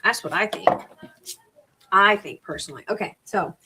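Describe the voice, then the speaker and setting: A middle-aged woman with a medium-pitched voice hosts a crafting livestream at a moderate pace over a noisy background. She chats casually and rambles, repeating and restarting words as she reads crafting measurements aloud.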